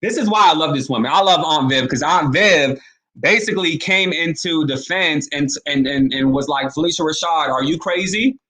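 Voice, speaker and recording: A man's voice: on the high side, normal speed, bright, forceful tone. A man giving casual, emphatic commentary on a vlog, speaking in slang and addressing viewers directly. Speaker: online commentator.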